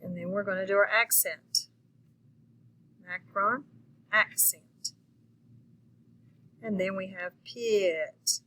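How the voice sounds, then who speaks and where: A woman's voice: mid-range voice, steady tone, slow pace, long pauses, pushed and bright, slight background noise, rough recording. A woman teacher giving a patient phonics lesson to young children, checking in often with them.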